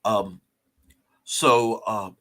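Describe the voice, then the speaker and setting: Male livestream host, casual chat, filler-heavy, bright tense tone. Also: lowish voice, fairly even intonation, drawn-out words. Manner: rambling, filler-heavy, many restarts. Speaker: talk show host.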